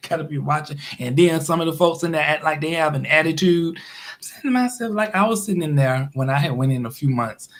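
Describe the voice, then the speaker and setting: A man's voice: fairly high pitch, normal speed, long pauses. A man, telling rambling stories in a casual livestream and often laughing. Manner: chatty, rambling, laughs often, acts out quoted voices. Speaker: YouTube live streamer. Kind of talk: casual storytelling monologue.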